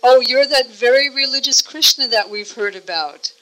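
A woman's voice: high voice, moderate pace, sharp tone, pitched above the performer's own voice, rough recording. Sarcastic cowherd girls, told by a woman. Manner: mocking, sarcastic. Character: teasing young female cowherd girls, sarcastic.

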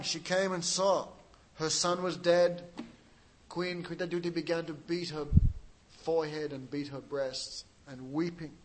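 A man's voice: fairly high pitch, rough recording. Dramatic storytelling male preacher. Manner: dramatic, acts out quotes with rising emotion; laughs at his own jokes. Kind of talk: storytelling sermon.

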